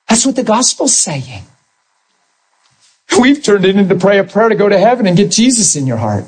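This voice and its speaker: A husky-voiced man preaches a sermon with a fairly high voice. He is animated, drops into soft asides and climbs to high, straining peaks. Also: moderate pace, long pauses, poor audio. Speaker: pastor.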